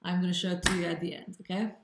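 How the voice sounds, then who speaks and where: A woman teaching an online rhythm lesson, chanting rhythm syllables and explaining in a relaxed, halting way. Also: lowish voice. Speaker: vocal workshop teacher. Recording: echoey room with loud background noise.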